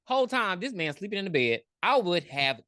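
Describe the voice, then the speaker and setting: Low-voiced, blunt woman podcaster. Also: fairly quick, no echo, studio quality. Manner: blunt, profane, animated. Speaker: podcast co-host. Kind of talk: casual movie recap chat.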